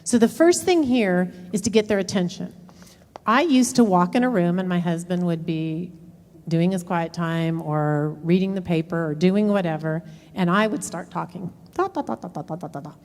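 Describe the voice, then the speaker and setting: A woman's voice: on the low side, moderate pace, darkish tone. Woman counselor teaching in a reverberant hall. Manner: explanatory, acts out quoted dialogue. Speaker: relationship counselor. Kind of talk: workshop presentation. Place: lecture room.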